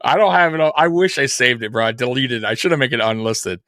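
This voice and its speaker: Excitable, profane man, bright voice. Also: medium pitch, fast, no room sound, clean studio sound. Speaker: co-host of sports show. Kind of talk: casual live sports chat.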